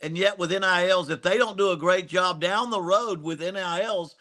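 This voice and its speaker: A man's voice: high-pitched, normal speed, bright, forceful tone. An older man with a Southern accent, a former football coach co-hosting a casual sports chat and telling folksy stories. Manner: folksy storytelling, chuckles while talking.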